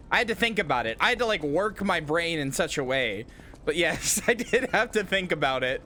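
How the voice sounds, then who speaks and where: A woman's voice: fairly low pitch, expressive, fairly quick, a bit bright, slight background noise. A woman streaming a video game, chatting casually in a giggly, self-deprecating way. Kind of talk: casual live-stream chat while gaming.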